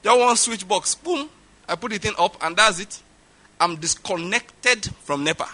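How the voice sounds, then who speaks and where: A man's voice: sits high, moderate pace, pushed and bright. A middle-aged man with a Nigerian accent preaching a sermon, stressing his points and repeating them for emphasis. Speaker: pastor.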